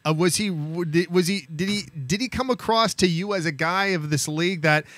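Man, host, a bit high-pitched, halting questions, dry mic. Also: a bit bright, no room sound. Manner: halting, searching questions with many restarts. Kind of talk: casual sports interview.

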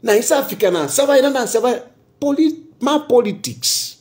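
Emphatic Zambian man, very lively pitch. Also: a little fast. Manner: emphatic, repeats phrases, switches between English and local languages; rhetorical questions. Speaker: political commentator. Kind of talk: impassioned political commentary.

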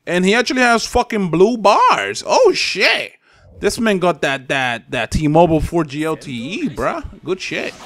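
A man's voice: high voice, big pitch swings, unhurried, a bit bright. A young man with a Spanish accent giving loose, profane, trash-talking commentary while he plays a fighting game online. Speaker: gaming channel host. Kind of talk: live gameplay commentary.

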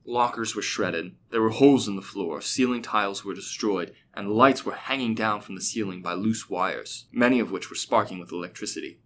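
A man reading a fictional story aloud as a steady, even narrator. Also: lowish voice, normal speed, few pauses, a little hiss or hum.

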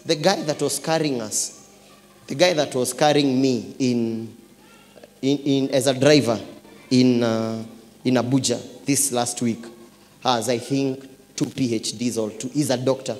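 A man preaching a sermon in a church, swinging from hushed asides to loud exclamations and repeating phrases. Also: medium pitch. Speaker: pastor. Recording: echoey church hall.

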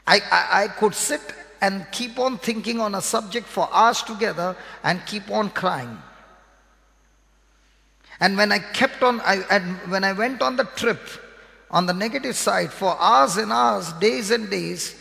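A man's voice: high-pitched, vocal fry, bright, forceful tone. A man with an Indian English accent preaching a sermon, repeating key phrases and quizzing his listeners with questions. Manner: repetitive, emphatic teaching with call-and-response questions. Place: church hall. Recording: reverberant hall.

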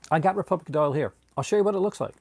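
A man's voice: on the high side, racing, creaky, noisy background. A man from Newfoundland with a Newfoundland accent, chatting casually and rambling through tangents as a streamer answering viewer chat. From Newfoundland, Canada.

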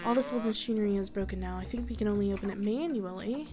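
A woman's voice: medium pitch, fast talker, lightly acted. Woman reading for a brave robot companion. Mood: earnest. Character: gentle male robot companion, loyal and brave. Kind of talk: reading game dialogue aloud. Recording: game music playing behind.

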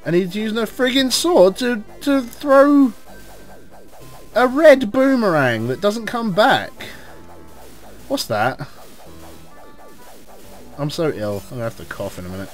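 An English man giving casual, rambling commentary while playing a video game, cursing at enemies and shouting when things go wrong. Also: fairly high pitch, slow pace, long pauses, faint music behind. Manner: excitable, swears at enemies, rambling asides. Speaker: let's play host.

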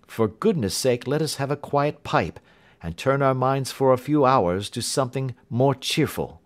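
A man reading an audiobook who voices a keen, confident Victorian male detective, raising his voice and explaining briskly. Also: medium pitch, voice pushed up, lightly acted. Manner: brisk, lively, lecturing.

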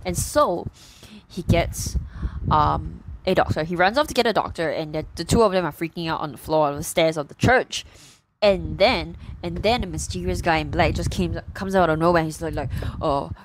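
Rambling, animated woman retelling a book. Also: lowish voice, normal speed, noisy background. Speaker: book reviewer. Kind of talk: casual book chat.

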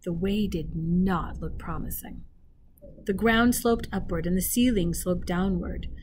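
A woman teacher reading a children's novel aloud expressively, pausing to speak directly to her listeners. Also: on the low side, a little hiss or hum. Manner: expressive, pauses to talk to listeners.

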